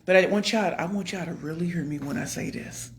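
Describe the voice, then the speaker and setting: A woman in her forties telling a story in a casual vlog, calling her viewers "y'all" and swinging from loud excitement to a hushed, confiding tone. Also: fairly low pitch, brisk, noisy background. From New York area. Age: 40s. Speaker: motivational speaker and vlogger. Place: home.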